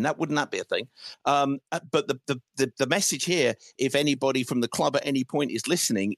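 A man hosting a football fan call-in, ranting in frustration with swearing and halting restarts. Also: mid-range voice, fairly bright tone, dry recording, clean studio sound. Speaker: host of a fan phone-in. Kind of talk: casual football fan rant.

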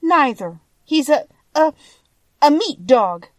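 Woman reader playing a spunky little girl, high, loud and scolding, dry close sound. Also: big pitch swings, takes it slowly, no echo, heavily acted. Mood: flustered. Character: brave, indignant little farm girl.

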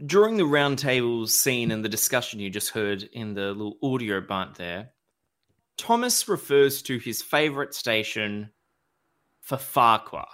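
A man's voice: medium pitch, very animated, a bit bright. A man co-hosting a podcast in casual chat, drawing out his words and laughing along. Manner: slow, drawn-out delivery with laughs. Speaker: podcast co-host.

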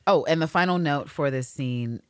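A woman's voice: sits low, smooth, dry recording, clean studio sound. A woman from New York co-hosting a podcast, swearing freely and slipping into voices as she recaps a TV series. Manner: profane, animated storytelling, quick to put on voices. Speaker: podcast co-host. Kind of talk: casual chat recapping a TV series.

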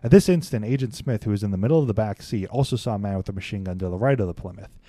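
Low-voiced man reading history aloud. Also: very fast, no echo, studio quality. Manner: steady read-aloud with laughing, chatty interjections. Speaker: podcast host. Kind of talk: reading a historical account aloud with casual asides.

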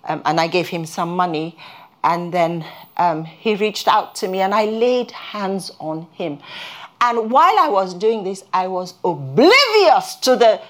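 Earnest woman preaching a sermon. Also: medium pitch. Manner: earnest, halting restarts, rises when stirred. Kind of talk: sermon with personal testimony.

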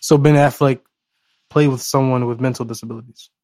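A man with a medium-pitched voice co-hosts a casual movie podcast. He answers in short, laid-back, teasing remarks, and his voice sounds dry and close to the mic. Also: steady tone, brisk, dark tone, no echo. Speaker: podcast co-host.

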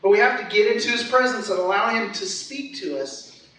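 A young male pastor delivers an earnest, conversational sermon, often restarting his sentences. His voice sits high for a man. It rings through a very echoey hall and is picked up from well back from the mic. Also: brisk, sharp tone. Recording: echoey hall, heard from a distance.

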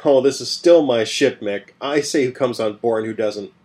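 Brash, shouting ship captain, a man voicing him, possessive and smug. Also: medium pitch, moderate pace, natural voice. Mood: indignant.

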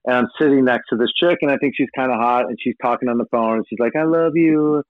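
A man's voice: medium pitch, steady tone, fast, no echo. Male rocker guest, rambling profane storyteller, phone-quality dry audio. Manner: profane, rambling anecdotes with acted-out quotes. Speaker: rock musician guest. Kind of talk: casual interview storytelling. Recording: tinny phone-like line, dry.

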